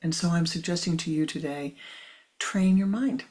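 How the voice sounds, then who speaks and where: A woman spiritual teacher giving a talk in a soft, half-whispered delivery. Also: fairly low pitch, measured pace. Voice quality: husky, gravelly.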